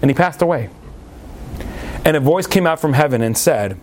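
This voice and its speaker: A man giving a sermon as a story, animated and acting out the voices of the figures in it. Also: mid-range voice, fairly quick, long pauses.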